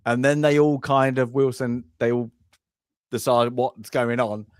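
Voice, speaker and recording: A man's voice: mid-range voice, steady tone, measured pace, clean tone, no room sound. Rambling man reviewing a film, dry close sound. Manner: rambling, acts out lines from the film. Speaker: podcast co-host. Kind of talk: casual film review chat. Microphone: home podcast mic on a live stream.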